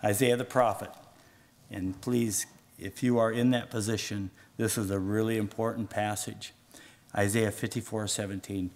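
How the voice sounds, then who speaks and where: A man preaching a sermon as pastor, reading scripture with rising fervor and dropping low and soft on solemn points. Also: fairly even intonation, normal speed. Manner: rises in pitch and volume when reading scripture aloud.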